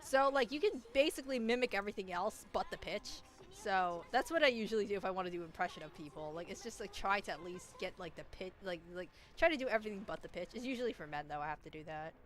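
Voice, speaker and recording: A young woman streamer talks fast in a mid-range, nasal voice with lively intonation. She chats casually while playing a game, rambling and restarting her sentences often.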